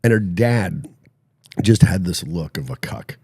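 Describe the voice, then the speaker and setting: A man's voice: low-pitched, animated, measured pace, darkish tone, breathy edge, no room sound, studio quality. A man hosting a podcast, telling a long story in a boastful, mocking way and laughing at his own jokes. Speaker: podcast host. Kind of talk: casual storytelling chat.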